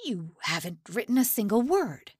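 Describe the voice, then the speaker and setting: A woman's voice: medium pitch, sing-song, moderate pace, darkish tone, husky, no room sound. A cruel male prison camp officer in a grim audiobook, put on by a woman narrator. He snarls and mocks his captives with open contempt. The read is close and dry, with no room sound. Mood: furious.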